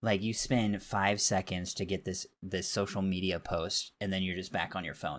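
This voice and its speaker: A man in his thirties, co-hosting a podcast, airing strong opinions in animated casual rants. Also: low-pitched, normal speed, few pauses. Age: 30s. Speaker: podcast co-host. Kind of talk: casual chat.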